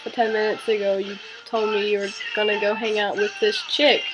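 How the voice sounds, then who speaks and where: A woman's voice: medium pitch, level tone, a little fast, music in the background, low-quality recording. A teenage girl vlogging, telling a story with exasperated sarcasm. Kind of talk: casual ranting vlog.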